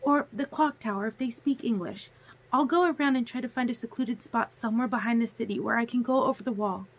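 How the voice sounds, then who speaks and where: A woman voicing a fierce young vampire woman who speaks quickly in a low, urgent voice, read from a novel.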